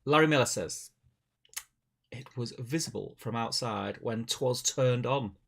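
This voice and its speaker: A man's voice: medium pitch, a little slow, gravelly, fairly bright tone. A man, co-hosting a casual live stream. He rambles, restarts his sentences and laughs often. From Manchester, England. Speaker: co-host of a tabletop wargaming stream.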